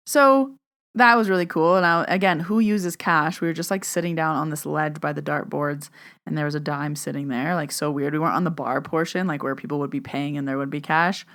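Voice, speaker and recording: A young woman hosts her own podcast, chatting casually into a podcast microphone. Her voice sits a little low for a woman. She tells stories in a chatty way, says "like" a lot, and acts out both sides of every conversation. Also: fairly even intonation, a little fast, fairly bright tone. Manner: chatty storyteller, acts out dialogue, says "like" often. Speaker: podcast host and medium. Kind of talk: casual solo podcast chat.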